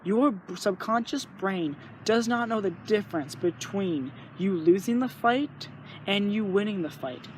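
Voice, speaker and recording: A man's voice: high voice, expressive, unhurried, slight background noise. A young man talking earnestly in a rambling, casual way, sharing his thoughts and acting out little inner voices. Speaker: vlogger. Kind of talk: casual spoken reflection.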